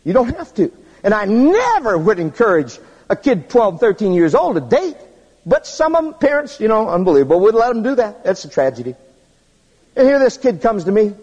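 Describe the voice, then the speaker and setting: A man preaching a humorous sermon, telling stories in an animated way and jumping to squeaky high tones for effect. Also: normal speed, long reverb tail, muffled recording.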